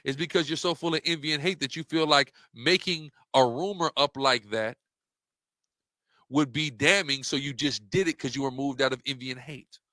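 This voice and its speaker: A man's voice: medium pitch, normal speed, bright, forceful tone, dry recording, clean studio sound. A man giving an impassioned, rhetorical monologue while walking through slides, repeating questions for emphasis. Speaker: religious debater presenting slides.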